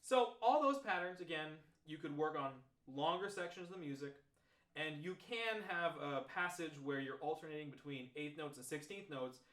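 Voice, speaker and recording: A man teaching trombone practice techniques, talking step by step through examples in a relaxed, explanatory way. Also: fairly high pitch, normal speed. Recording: roomy echo.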